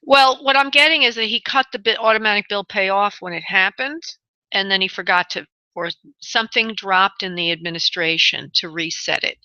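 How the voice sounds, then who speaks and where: A woman hosting a call-in radio show as a spirit medium. She talks soothingly, calls callers honey and love, and pauses to tune in as she reads. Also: medium pitch, bright, forceful tone, no echo, lo-fi sound. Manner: thinks aloud, pauses to tune in.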